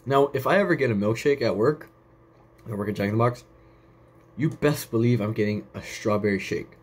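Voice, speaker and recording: A man's voice: mid-range voice, lively intonation, brisk, a little mellow, breathy edge. A young man hosting a casual solo podcast, rambling off on tangents and swearing casually. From United States. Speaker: podcast host.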